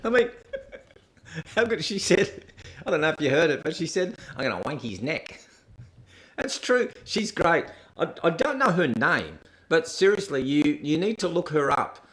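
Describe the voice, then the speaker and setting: A man's voice: on the high side, animated, normal speed, fairly bright tone. A man with an Australian accent hosting a rambling, irreverent reaction stream. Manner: rambling, irreverent, laughing asides. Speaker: host.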